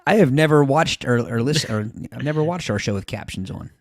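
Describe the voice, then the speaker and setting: A man's voice: medium pitch, animated, a little fast, no echo, studio quality. A man co-hosting a podcast in casual, playful, joking chat. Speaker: podcast co-host.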